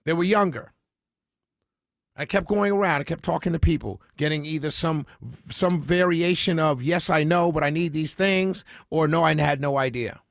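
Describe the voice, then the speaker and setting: A man's voice: a little high, moderate pace, vocal fry, no echo, clean studio sound. A man who hosts a radio talk show, casually telling a story and quoting each person he spoke with. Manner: recounts conversations, quoting each person in turn.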